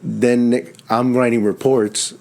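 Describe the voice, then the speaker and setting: A man's voice: medium pitch, takes it slowly, gravelly. A man, a firefighter guest, telling stories in casual chat and acting out voices of the people in them. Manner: animated, acts out voices in his stories.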